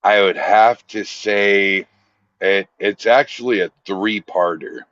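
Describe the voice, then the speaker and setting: A man's voice: on the low side, slow, a bit bright, dry recording. A man chatting casually on a podcast as the guest, telling stories in a laid-back way. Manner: storytelling, laid-back drawl. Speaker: guest, paranormal team founder. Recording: dull lo-fi dry sound.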